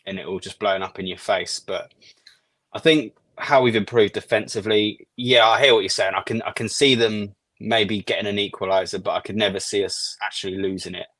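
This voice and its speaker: A man speaking as a guest on a football chat, measured and hesitant with many ums. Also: on the low side, steady tone, a bit bright, no echo. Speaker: guest fan.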